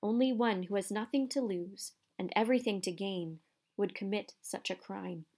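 A woman's voice: mid-range voice, darkish tone, close to an everyday voice. Firenze, a woman reading a solemn young centaur. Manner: solemn, measured. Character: young grave male centaur, calm and wise.

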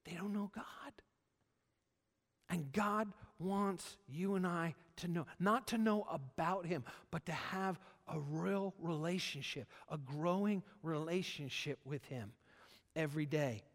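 Middle-aged male pastor, slightly high voice, emphatic and repetitive, church hall with long reverb. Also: unhurried. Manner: animated, emphatic with repetitions and jokes. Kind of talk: sermon. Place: church service.

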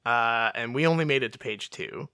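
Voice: medium pitch, normal speed, pushed and bright, no room sound, clean studio sound. A podcast co-host in casual chat, reading fan fiction aloud with playful character voices.

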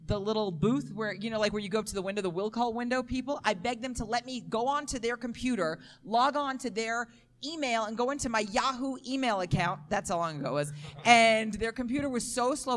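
A woman comedian tells a story on stage with animated, self-deprecating energy. She talks casually and swears freely, in a mid-range voice. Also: mid-range voice. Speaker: stand-up comic panelist.

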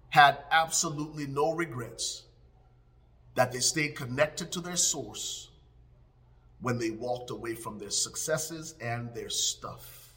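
A man preaching a sermon as pastor, emphatic, with repeated lines, swelling up and then dropping into hushed prayer. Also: on the high side.

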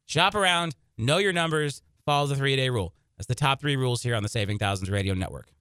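A man hosting a personal finance radio show, giving emphatic, energetic advice. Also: medium pitch, quick pace, clean tone, no room sound, clean studio sound.

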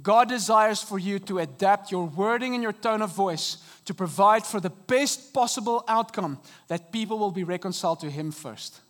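A man preaching a sermon from a church stage into a microphone, earnest and dynamic, with sudden soft drops and emphatic rises. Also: sits high, moderate pace, hardly any pauses. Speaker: pastor. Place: church auditorium.

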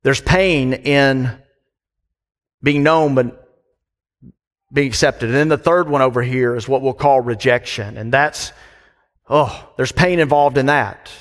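A man's voice: medium pitch, a little slow, long pauses, in a large hall. A man preaching a sermon as pastor, conversational and full of questions to the congregation.

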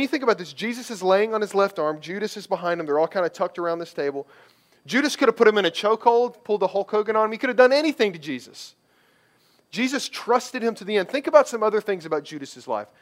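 Guy preaching, talky and loose, kinda high voice. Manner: conversational preaching, acts out quoted lines. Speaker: pastor. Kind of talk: sermon.

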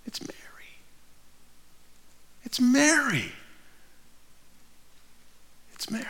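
A man preaching a sermon, his fairly high, bright voice carried by a handheld microphone. He moves between reading scripture aloud and passionate preaching, and the sound rings with the long reverb of a large hall. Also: vocal fry. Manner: reads scripture aloud, then preaches with rising intensity. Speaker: pastor.

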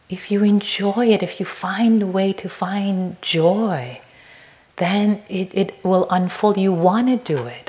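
A woman meditation teacher giving a dharma talk, gentle and slow, sometimes sinking to a soft whisper and at other times turning playful and expressive. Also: mid-range voice.

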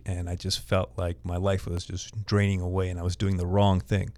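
Give me a man, a podcast guest, telling his own story earnestly. His voice is very low and sits dry and close to the mic. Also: completely flat delivery, moderate pace, few pauses, a little mellow, no echo. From Canada. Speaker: guest, real estate agent. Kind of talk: casual podcast interview.

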